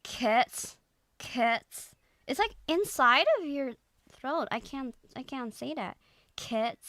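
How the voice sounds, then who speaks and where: A woman's voice: high-pitched, animated, a little slow, sharp tone, no room sound. A young woman streaming as a VTuber, chatting casually with a giggly, playful, teasing manner.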